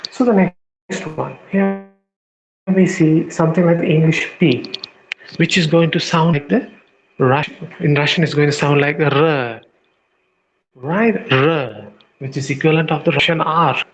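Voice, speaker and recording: Slow, deliberate male language teacher. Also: on the high side, slight background noise, rough recording. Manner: deliberate, repeats sounds several times. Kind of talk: slow classroom-style lesson.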